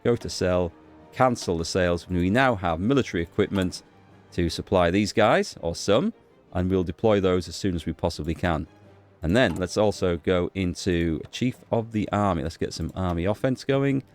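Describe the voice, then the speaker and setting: Deep-voiced man musing over a strategy game. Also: moderate pace, a little mellow, soft background music. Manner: thinks aloud, musing with fillers and small restarts. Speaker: gaming YouTuber. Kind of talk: casual gameplay commentary.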